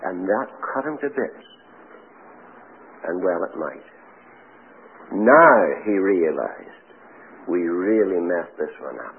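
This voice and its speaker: A man's voice: low-pitched, slow, long pauses. A man preaching a sermon in a conversational way, stressing words sharply when he quotes scripture. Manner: conversational, animated emphasis when quoting scripture. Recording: tinny lo-fi radio broadcast with faint hiss.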